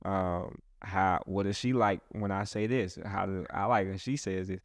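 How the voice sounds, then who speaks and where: Man, pastor, low voice, dry close sound, rambling earnest chat. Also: fairly even intonation, moderate pace, no echo. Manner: rambling, earnest, many restarts and "like". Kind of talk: casual podcast chat.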